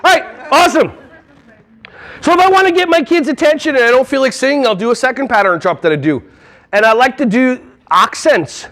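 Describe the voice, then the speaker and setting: High-voiced playful man giving a keynote. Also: fairly quick. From New Jersey. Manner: playful and animated, breaking into silly voices and songs. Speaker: early childhood education trainer. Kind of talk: conference keynote talk. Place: large conference hall.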